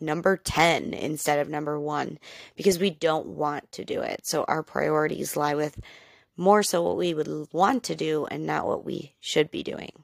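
A woman's voice: low-pitched, gravelly, no echo. A woman hosting a podcast, explaining things in a candid, chatty, self-deprecating way. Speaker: podcast host. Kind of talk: casual educational podcast.

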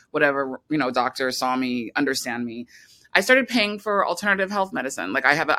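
A woman's voice: extremely low pitch, pushed and bright. A woman filmmaker talking casually as an interview guest, rambling with many restarts and fillers.

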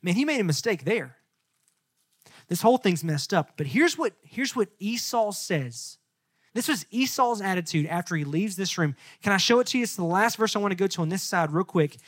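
Young male youth pastor, high voice, dry close sound, animated storytelling sermon. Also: normal speed, no room sound. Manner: lively storytelling, acts out characters in casual slang.

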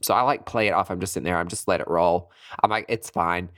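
A podcast host telling a comedic personal story in a chatty, animated way, laughing often. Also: low-pitched, quick pace, dry recording, studio quality.

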